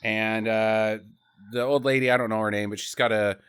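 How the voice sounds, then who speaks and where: A man's voice: fairly low pitch, fairly even intonation, normal speed, a bit bright, smooth. A man co-hosting a podcast, giving a rambling, profane, casual recap of a bad movie. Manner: rambling and profane, laughs often. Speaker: podcast co-host.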